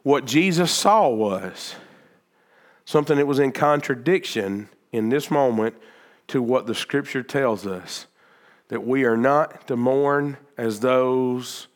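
A man preaching a sermon, acting out the words of Bible figures and swinging between loud emphatic peaks and quieter stretches of explaining. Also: medium pitch, slow. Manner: animated, acts out Bible figures' words in quoted speech. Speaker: pastor.

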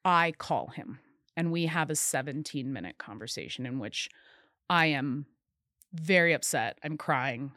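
A woman speaking in a lowish voice and telling her side of events in close detail. Her tone is earnest and at times emphatic, and the sound is dry and close with no room around it. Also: expressive, a little slow, bright, forceful tone, no echo. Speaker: guest. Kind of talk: interview storytelling.

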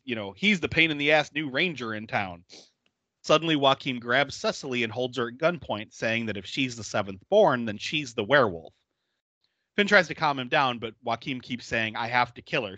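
Male host, bright lively voice, recapping a film with frequent laughter, dry close sound. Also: mid-range voice, no echo. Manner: laughs often while retelling scenes; acts out quotes in exaggerated voices. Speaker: podcast host. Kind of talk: casual movie recap chat.

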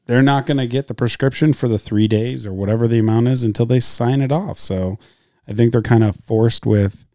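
A man's voice: on the low side, dark tone, dry recording, studio quality. A man who works in a hospital, talking in a careful, hedging way as he thinks aloud during a casual podcast conversation. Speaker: hospital clinician, podcast guest.

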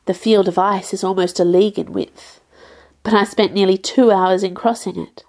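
A woman narrating a classic novel in the first person, in a measured, expressive reading. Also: medium pitch. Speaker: audiobook narrator. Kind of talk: scripted literary narration.

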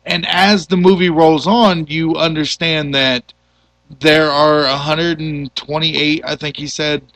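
A man with a slightly higher voice hosts a laid-back movie chat, retelling plots with animated voices and loose, profane asides. He sounds close and dry, with no room around him. His delivery is easygoing and conversational. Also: slow pace, no echo, rough recording. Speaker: podcast host. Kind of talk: casual movie discussion.

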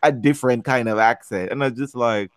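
A man co-hosting a casual chat show, talking in an animated, joking way and often repeating "you know what". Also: medium pitch, fairly quick, no room sound. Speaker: podcast co-host.

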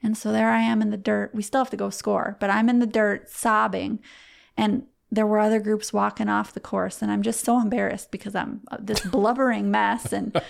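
A middle-aged woman, a guest on a podcast, telling a personal story in a heartfelt, halting way with frequent restarts. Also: medium pitch, level tone, gravelly. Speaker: podcast guest, competitive archer.

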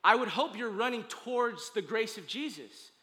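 High, bright-voiced male pastor preaching. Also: animated, normal speed, big-room sound. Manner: conversational, emphatic preaching with casual slang and repeated restarts. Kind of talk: sermon. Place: church sanctuary.

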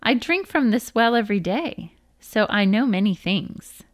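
A woman's voice: mid-range voice, lively intonation, measured pace, no room sound, clean studio sound, natural voice. A woman reading as a sing-song old giant sage. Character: wise old long-bearded male giant guarding a well.

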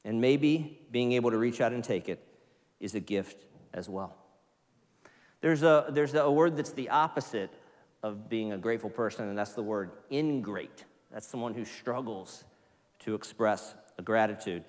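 A man preaching a sermon to his congregation, animated, sometimes putting on excited voices. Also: fairly low pitch, moderate pace. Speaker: pastor. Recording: church hall reverb.

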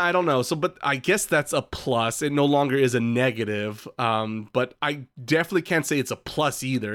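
A man's voice: medium pitch, a bit bright, clear, resonant tone, dry recording, clean studio sound. A man co-hosting a podcast in casual chat, rambling and joking with the odd swear word. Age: adult who calls himself old. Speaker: podcast co-host.

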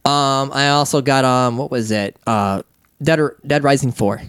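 A man's voice: mid-range voice, steady tone, moderate pace, fairly bright tone, clear, resonant tone, no room sound, clean studio sound. A man hosting a casual gaming podcast, rambling and joking, quoting movie lines. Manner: rambling, jokey, breaks into sung movie quotes. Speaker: podcast host. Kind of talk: casual chat.

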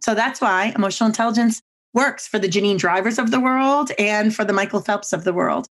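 A woman speaking as a podcast guest, telling lively anecdotes and acting out other people's lines with big jumps in pitch. She talks emphatically and comes back to her own catchphrases. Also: a little fast. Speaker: guest speaker on body language. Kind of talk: animated storytelling on a podcast.

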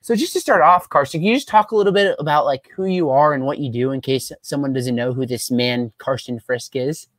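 A man's voice: mid-range voice, brisk, few pauses, no room sound. A young man hosting a podcast, chatting casually and upbeat, with many "um" and "like" fillers. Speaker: podcast host. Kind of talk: casual interview chat.

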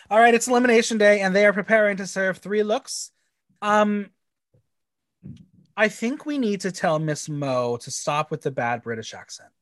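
A man co-hosting a casual podcast, recapping a show with animated, campy, laugh-filled chat. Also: high voice, normal speed, no echo. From United States. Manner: animated, laughs often, camp and swearing.

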